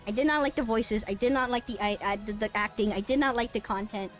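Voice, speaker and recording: A young woman streamer chatting casually, rambling, sarcastic and quick to swear and laugh. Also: fairly high pitch, faint music behind. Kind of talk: casual live-stream chat.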